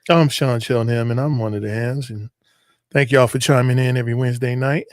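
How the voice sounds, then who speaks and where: A man's voice: medium pitch, fairly even intonation, fairly quick, no room sound, clean studio sound. Laid-back man co-hosting a live show. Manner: laid-back, greeting viewers. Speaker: co-host. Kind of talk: casual livestream chat.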